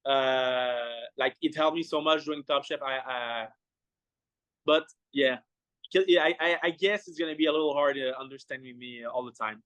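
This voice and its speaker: A man with a Québécois French accent, a chef speaking English as a second language, halting with many restarts in a casual interview. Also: medium pitch, a bit bright, no room sound. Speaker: chef guest.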